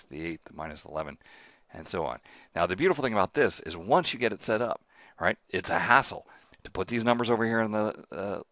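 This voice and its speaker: A man's voice: low-pitched, a bit bright, dry recording. A man hosting a spreadsheet tutorial, chatty, often checking in with "right?" and voicing mild exasperation. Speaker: host.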